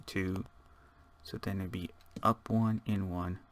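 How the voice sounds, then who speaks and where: A man's voice: sits low, steady tone, takes it slowly, a bit bright. A man giving rambling, casual let's-play commentary, chatting and muttering to himself as he builds. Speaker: gaming channel host.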